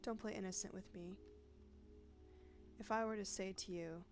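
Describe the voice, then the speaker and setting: A woman voices a bitter female sub-editor with a grudge, cold and pedantic as she lays out her accusation, and the mood is menacing. Her medium-pitched, steady voice, close to an everyday one, moves at a moderate pace with a gravelly fry at its edges. Game music plays clearly underneath.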